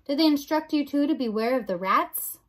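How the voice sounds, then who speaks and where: A woman voicing an odd old male jailer who talks in gruff, clipped phrases. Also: high voice, lively intonation, normal speed.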